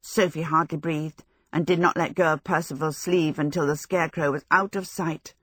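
A woman reading a storybook aloud as narrator, in a measured, expressive storytelling manner. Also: low-pitched, slightly rough, no room sound, clean studio sound. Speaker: audiobook narrator.

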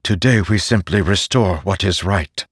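A man voicing a calm, solemn male swordsman in an audiobook, speaking quietly and measured. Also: sits low, husky, no echo, clean studio sound.

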